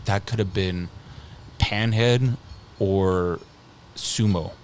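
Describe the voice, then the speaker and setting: A man in his thirties, a podcast guest, telling a long story in a rambling, halting way, restarting often and swearing casually. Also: low voice, a little hiss or hum. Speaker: podcast guest, scare actor.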